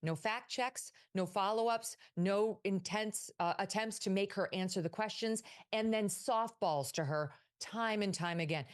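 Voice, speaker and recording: A woman political commentator answering an interview question in a forceful, indignant way. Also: mid-range voice, a little slow, few pauses, clean tone.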